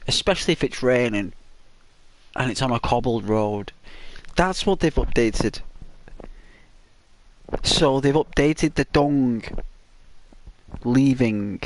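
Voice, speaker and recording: A man hosting a gaming channel, giving soft, drawn-out semi-ASMR commentary on gameplay, sometimes whispering. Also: mid-range voice.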